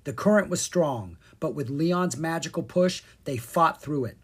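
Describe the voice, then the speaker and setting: An expressive storybook narrator reads with a lively, sing-song lilt that rises and falls across each sentence. The voice has a slightly husky grain throughout. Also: mid-range voice, a little slow. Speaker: audiobook narrator.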